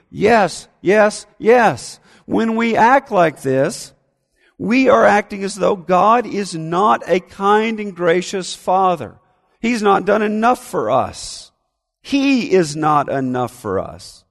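Gravelly high-voiced preacher in a reverberant hall. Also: male voice, takes it slowly. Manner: animated, acts out whining voices. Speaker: pastor. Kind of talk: sermon.

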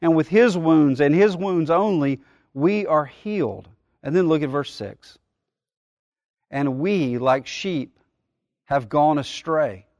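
A middle-aged male pastor preaching a sermon in an earnest way, slowing down and building up on key phrases. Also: medium pitch, no echo.

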